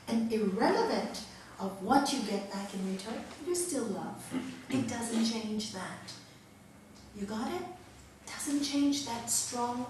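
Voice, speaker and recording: A woman's voice: fairly high pitch, a little mellow, slight background noise. A woman yoga teacher giving a spiritual talk to a group, earnest, telling stories and laughing often. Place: teaching centre room. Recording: echoey room, mic far off.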